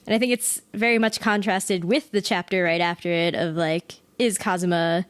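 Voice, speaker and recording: A woman's voice: mid-range voice, steady tone, normal speed, few pauses, no room sound. A woman hosting a podcast, chatting in a thoughtful, engaged way. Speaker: podcast host. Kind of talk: casual podcast discussion.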